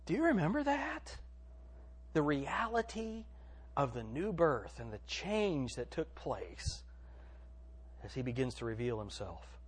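A man preaching a sermon in a church, swinging between hushed, drawn-out phrases and loud emphatic lines. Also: a little high, very animated, breathy edge. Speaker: pastor.

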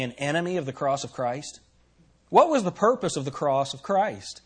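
Husky, animated preacher man. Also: a little high, normal speed. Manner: animated preaching with rhetorical questions to the congregation. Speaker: pastor. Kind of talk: sermon.

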